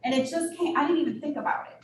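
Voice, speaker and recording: A woman's voice: sits high, lively intonation, racing. A woman speaking candidly to a meeting, telling a personal story and laughing often. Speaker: guest speaker. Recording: echoey room from far off with noise.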